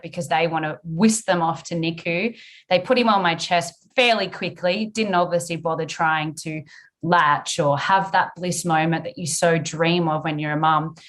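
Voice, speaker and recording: A woman's voice: on the low side, fairly bright tone. A young woman frankly telling her birth story on a podcast, acting out her past self and swearing freely.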